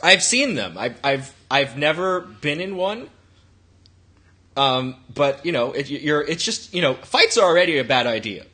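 Man, podcast co-host, bright husky voice, rambling swearing storyteller. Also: fairly high pitch, big pitch swings, unhurried. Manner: rambling, profane anecdote-telling.

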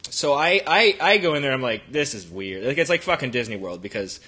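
Man, podcast co-host, bright husky voice, rambling swearing storyteller. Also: mid-range voice, big pitch swings, fairly quick. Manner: rambling, profane anecdote-telling.

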